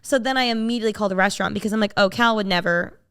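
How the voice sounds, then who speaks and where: A woman podcast host with a smooth, medium-pitched voice races through a story in casual chat. She is animated and acts out the voices of the people in it.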